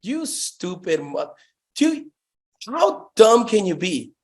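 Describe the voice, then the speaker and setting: A man's voice: high-pitched, very animated, takes it slowly, a little mellow, heavily acted. A man doing a brash cursing sales boss. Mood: mocking. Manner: curt, cursing, impatient. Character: brash profane male sales manager.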